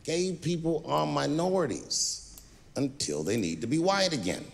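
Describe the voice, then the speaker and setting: A man performing stand-up comedy, telling stories with animated delivery and acting out voices. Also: on the high side, a little slow, creaky, noisy background. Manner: animated storytelling, acts out voices. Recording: stand-up special in a large hall with audience.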